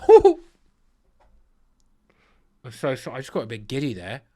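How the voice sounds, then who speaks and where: A man's voice: mid-range voice, rapid-fire, soft background music. A man giving casual, playful ranking commentary on football kits, giddy and self-mocking, often stuttering and restarting. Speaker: football kit reviewer.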